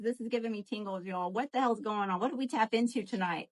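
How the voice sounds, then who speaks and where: Brief: woman tarot reader, slightly high voice, lively and profane, chats to viewers live. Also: brisk, few pauses. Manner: animated, profane, addresses viewers as y'all.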